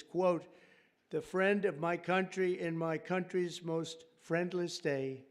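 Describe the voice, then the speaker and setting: A man's voice: on the high side, creaky. An older man speaking at a formal ceremony, rambling and ad-libbing asides to the audience in a large hall. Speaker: speaker at a White House ceremony. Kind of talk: off-the-cuff ceremonial speech.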